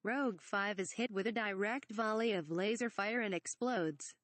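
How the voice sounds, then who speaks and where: A woman's voice: medium pitch, normal speed, a bit bright, dry recording, lightly acted. A cocky young squadron leader, read by a woman, barks orders and curses. The voice is her own, recorded dry and close.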